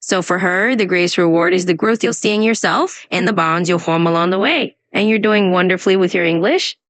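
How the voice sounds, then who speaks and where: An AI English tutor, voiced by a synthetic woman, speaks on the low side at a brisk pace with a fairly bright tone. During scripted conversation practice, she answers questions cheerfully and encourages the learner with pronunciation tips.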